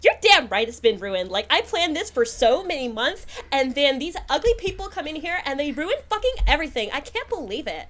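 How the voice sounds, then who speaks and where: A woman's voice: high voice, sing-song, brisk, few pauses, a bit bright, pitched above the performer's own voice. Bratty, whiny scheming young wife, put on by a woman game master; petulant and foul-mouthed. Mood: indignant.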